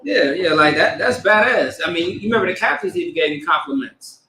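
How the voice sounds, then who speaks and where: A man's voice: sits high, brisk. Slangy man leading a home service. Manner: relaxed slangy talk with many restarts. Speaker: service leader. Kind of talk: casual chat then call-and-response prayer. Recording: echoey room with faint background noise.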